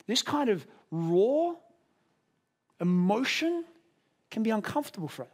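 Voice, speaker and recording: A man preaching a sermon in an earnest, conversational way, raising his voice to a shout for emphasis. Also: high-pitched, big pitch swings, unhurried, pauses often. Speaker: pastor.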